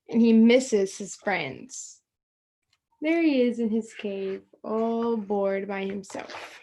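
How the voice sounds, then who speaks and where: A woman reading a picture book aloud to children over a video call, acting out the lines and adding asides about the pictures. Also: mid-range voice. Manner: slow, expressive read-aloud with pointing asides. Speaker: storytime reader.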